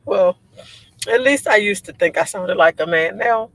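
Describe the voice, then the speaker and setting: Woman host, livestream chat: low voice, rambling, quick to laugh, lots of fillers. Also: no room sound, poor audio. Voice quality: low voice she says sounds like a man's. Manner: chatty and rambling, laughs often, many fillers. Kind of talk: casual livestream chat reading viewer comments.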